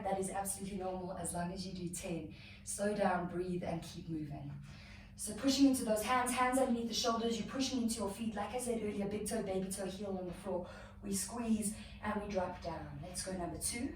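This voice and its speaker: A woman's voice: mid-range voice, steady tone, a little fast, a little hiss or hum. A woman leading a yoga-inspired abs workout, out of breath, cueing counts and breathing with encouragement. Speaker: yoga instructor. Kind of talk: guided workout instruction. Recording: echoey room, mic far off.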